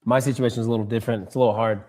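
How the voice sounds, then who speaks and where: A man's voice: mid-range voice, steady tone, racing, a little mellow. A young adult man on a podcast, telling anecdotes about his daughter and acting out her lines. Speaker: podcast co-host. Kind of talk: casual chat.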